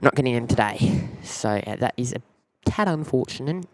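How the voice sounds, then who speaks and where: A man's voice: mid-range voice, animated, moderate pace, no echo. A man with an Australian accent hosting a live plane-spotting stream, rambling loosely and greeting viewers by name.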